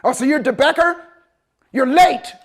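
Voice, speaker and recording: A short, angry drill sergeant barks at latecomers, as a man puts him on. His voice is pitched high, loud and clipped, every word an order. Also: sing-song, moderate pace, full character voice. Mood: barking. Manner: barking, curt, furious.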